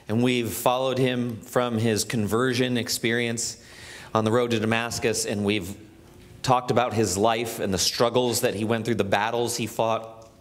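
A man preaching a sermon as a pastor, talking conversationally with asides and small restarts, and reading scripture aloud in a church. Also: medium pitch. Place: church sanctuary.

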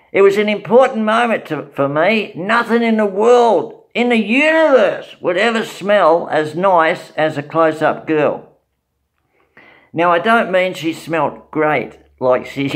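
An older Australian man in his eighties reads from his memoir, his voice sitting a touch high and full of gravelly fry. He takes his time, unhurried and wry, with the odd chuckle between lines. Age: 80s. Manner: slow, wry storytelling with fillers and chuckles. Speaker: channel host reading his memoir. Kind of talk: reading a personal memoir aloud.

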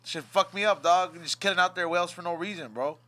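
A man's voice: high-pitched, quick pace, sharp tone. A man hosting a casual podcast chat, laid-back and slangy, swearing often. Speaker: podcast host.

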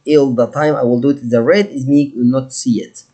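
A man with an Egyptian accent teaching a French lesson, slowly modeling each word and explaining in English. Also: mid-range voice, fairly even intonation, warm tone. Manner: slow, patient, drawn-out modeling of words; switches between English and French. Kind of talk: recorded classroom lesson.

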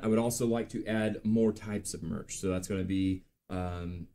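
Chatty man in his late thirties. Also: on the low side. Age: late 30s. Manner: chatty, animated storytelling with filler words. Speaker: podcast host. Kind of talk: casual live-stream chat.

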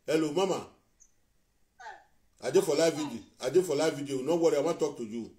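A Nigerian man chats on his live video in a rapid, excitable patter, sliding between Pidgin English and his own language. His voice sits high and the words come fast. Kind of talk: casual live-stream chat.

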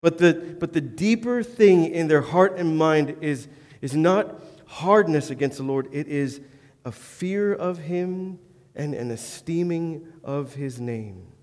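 In a church sanctuary with long hall reverb, a male pastor preaches earnestly, with flashes of self-deprecating humor. His voice is on the high side and darkish in tone, and he speaks at a slow pace.

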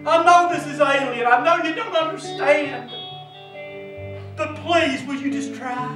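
A male pastor preaching a sermon in a church, swinging from hushed words to shouting. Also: very high-pitched, measured pace. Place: church sanctuary. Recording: echoey church from far off, music behind.

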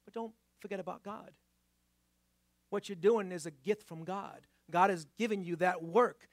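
A male pastor with an accent that mixes New York and Boston, preaching conversationally in a church. He slows down for emphasis and puts rhetorical questions to the congregation. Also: sits high, dry recording, clean studio sound. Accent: mix of New York and Boston. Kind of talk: sermon. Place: church sanctuary.

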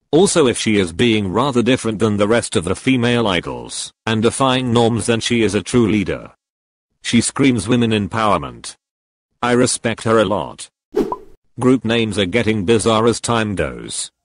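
A male text-to-speech voice reading and reacting to fan confessions, with an emotionless, flat manner. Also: on the low side, dry recording. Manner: emotionless, flat synthetic delivery.

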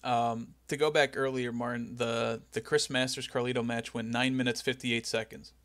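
A young man with a bright, forward voice tells a wrestling story in a loose, comic podcast chat. He gets animated and slips into silly impressions. The sound is dry and close. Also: mid-range voice, normal speed, no echo. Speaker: podcast co-host. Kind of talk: casual comedic recap chat.

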